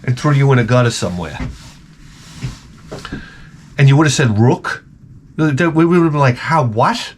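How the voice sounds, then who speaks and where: A man's voice: mid-range voice, lively intonation, normal speed, long pauses, slight background noise. A man telling a rambling, profane comic story in a casual rant as a gaming video host. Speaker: retro gaming YouTuber.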